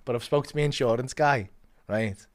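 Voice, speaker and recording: A man telling a story as a comedian guest, swearing a lot and acting out quotes with big swings in loudness. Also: mid-range voice, moderate pace. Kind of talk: animated storytelling.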